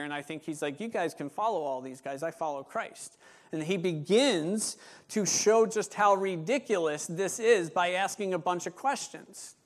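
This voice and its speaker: A man, a pastor, preaching a sermon in a lively manner and acting out what members of the church might say. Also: high-pitched. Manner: animated, acts out voices of church members.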